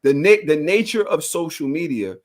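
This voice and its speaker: A man co-hosting a podcast in casual chat, teasing and animated, with loud bursts. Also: fairly high pitch, moderate pace. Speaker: podcast co-host.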